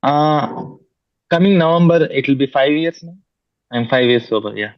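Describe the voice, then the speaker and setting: A man's voice: mid-range voice, moderate pace, no echo. A man attending an online recovery meeting, asking a question hesitantly with many fillers over a video call. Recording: dull lo-fi call audio.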